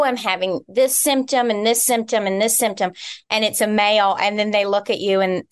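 A young woman co-hosting a podcast, telling a story in an animated, exasperated way. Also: medium pitch. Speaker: podcast co-host. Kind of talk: casual podcast chat, storytelling.

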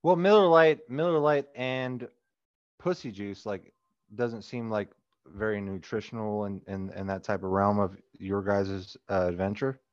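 A man's voice: lowish voice, steady tone, a little slow, no room sound. A drunk man joining a podcast remotely, loose and interrupting in crude banter over a dull call line. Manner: loose, interrupting, laughing often.

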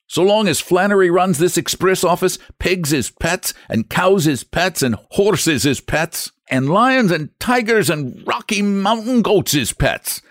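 A man voicing a gruff, stubborn express agent with a put-on Irish brogue, talking in a blustering, emphatic way. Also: no echo, studio quality. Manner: blustering, emphatic, high and loud.

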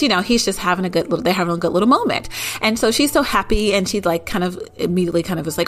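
A woman's voice: on the low side, lively intonation, rapid-fire. A woman casually recapping an episode, rambling with lots of "like" and "you know" and getting indignant at outrageous moments. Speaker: show recapper.

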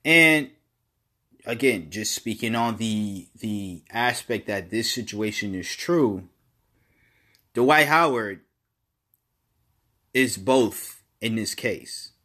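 A man giving casual opinion commentary alone, halting and repeating words, then pressing his points with emphasis. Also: fairly low pitch, pushed and bright.

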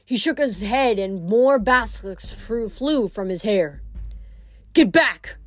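A woman's voice: mid-range voice, lively intonation, a little slow, no room sound. A woman reading a novel aloud, with occasional stumbles and self-corrections. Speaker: audiobook reader.

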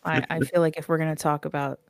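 A woman's voice: low voice, level tone, quick pace, vocal fry, no room sound, studio quality. A woman co-hosting a podcast, telling things in a wry, matter-of-fact way. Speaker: podcast co-host, storyteller. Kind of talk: casual chat.

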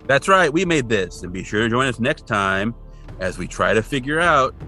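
A man's voice: medium pitch, sing-song, normal speed, pushed and bright, faint music behind. A man co-hosting a podcast, chatting casually and teasing his co-host with wry remarks. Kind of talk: casual chat. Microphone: studio mic.

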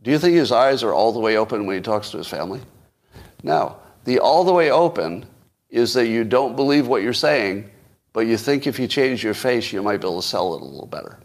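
A man's voice: mid-range voice, animated, brisk. A man hosting a solo podcast, giving casual, opinionated political commentary with frequent restarts. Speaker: podcast host.

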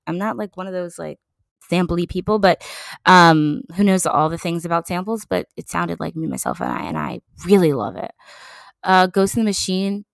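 Woman, podcast host, casual solo chat, playful, jokey, gravelly voice, dry sound. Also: on the low side, no room sound. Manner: animated, playful, jokey with mock asides.

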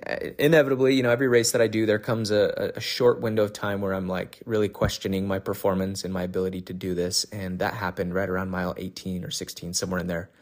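A man with a fairly low voice hosts his own podcast, speaking alone. He talks casually and candidly, rambling along with plenty of fillers and restarted phrases. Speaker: podcast host. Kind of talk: casual monologue recapping a race.

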